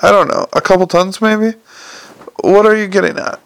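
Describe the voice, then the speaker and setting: A quick-witted male con man, sarcastic and increasingly flustered, as a male audiobook narrator plays him. The voice is gravelly and slightly high, heard dry and close. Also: steady tone, no room sound. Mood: exasperated.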